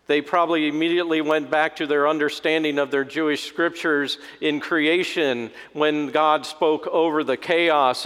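A man's voice: medium pitch, fairly bright tone, clear, resonant tone. A man preaching a conversational sermon as a pastor, folksy and humorous, acting out voices in his story. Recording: long hall reverb.

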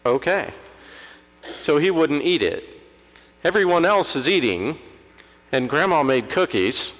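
Older pastor preaching in an echoey hall. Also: male voice, a little high, animated, measured pace, pauses often, fairly bright tone. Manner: storytelling, builds to impassioned emphasis. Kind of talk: sermon. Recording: echoey hall with mains hum.

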